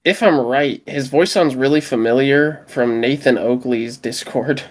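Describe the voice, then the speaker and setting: A man's voice: medium pitch, unhurried. A man co-hosting a podcast, chatting casually in a laid-back, joking way with frequent swearing. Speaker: podcast co-host. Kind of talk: casual chat.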